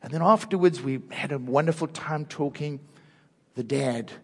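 An older man with a South African accent, preaching an earnest sermon through personal stories and dropping soft and low at tender moments. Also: moderate pace, husky. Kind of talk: storytelling sermon. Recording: long hall reverb.

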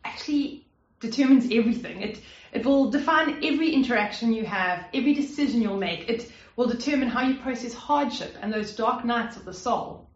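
A woman preaching a sermon in an earnest, conversational way, with fillers and restarts. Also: a little high. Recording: roomy, slightly dull sound.

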